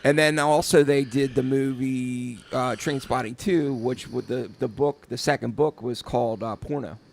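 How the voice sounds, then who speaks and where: A man chatting loosely on a podcast about tattooing, circling back with stumbles and fillers. His voice has a gravelly fry at the bottom, set at a middle pitch for a man. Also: fairly even intonation, normal speed. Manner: rambling, repeats words, many fillers. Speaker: podcast co-host, tattoo artist. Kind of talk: casual chat.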